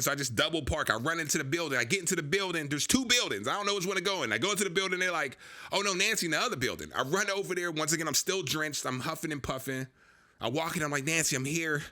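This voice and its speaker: A young man tells a long personal story in a casual, loose way. He acts out the other people in it as he goes. His voice has a bright, forceful edge at a middle pitch. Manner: animated, acts out dialogue with others.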